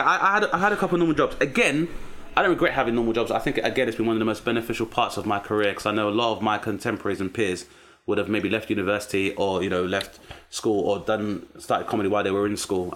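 A man in his thirties with a London accent, a comedian telling animated stories in a casual interview. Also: fairly low pitch. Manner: animated storyteller, acts out strict relatives. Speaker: comedian guest.

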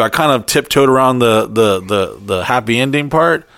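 A man's voice: medium pitch, normal speed, no echo. A man hosting a podcast, telling a profane story in casual chat and acting out the lines of the people in it. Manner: profane, animated storyteller who acts out quotes. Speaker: podcast host.

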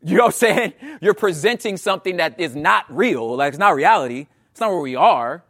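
Man, thirties, fairly high voice, animated slangy sermon, checks in with the crowd. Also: fairly quick, breathy edge. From Los Angeles area. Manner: animated, slangy, asks the crowd "you know what I'm saying". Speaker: preacher. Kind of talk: conversational sermon.

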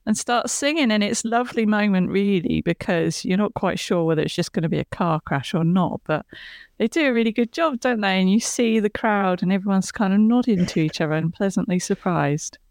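Chatty woman on a podcast, recapping scenes, mid pitch, dead dry room. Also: brisk, darkish tone, no room sound. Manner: chatty, retelling scenes with laughs and quoted lines. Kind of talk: casual podcast chat.

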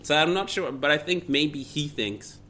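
A man in his thirties from Sweden, a comic and radio host, chatting casually with wry, deadpan teasing. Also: fairly high pitch, normal speed, slight background noise. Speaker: guest comedian and radio host. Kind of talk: casual chat.

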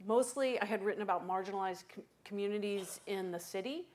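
A woman author and journalist recounting how she found a story, chatty and animated, with many fillers. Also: mid-range voice, brisk. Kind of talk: conversational storytelling interview.

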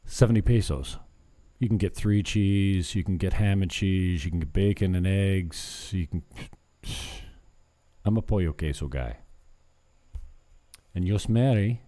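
Speaking low, a little slowly and warmly, a man rambles through a casual vlog with frequent pauses. He jokes at his own expense and drops in bits of broken Spanish.

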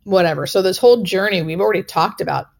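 A woman's voice: mid-range voice, fast, creaky. A woman hospice nurse telling a personal story in an interview, earnest and emotional, with many filler words.

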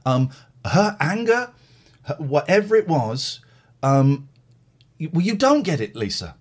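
A man hosting a chat show, telling stories in a rambling, animated way. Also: on the high side, measured pace. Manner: rambling, lively, mimics others. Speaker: podcast host.

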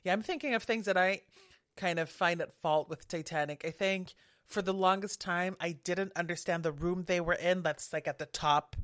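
A woman's voice: fairly low pitch, moderate pace, fairly bright tone, dry recording, studio quality. A woman guest on a podcast, chatting casually and agreeably. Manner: chatty, agreeable, lots of fillers and laughs. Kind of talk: casual chat.

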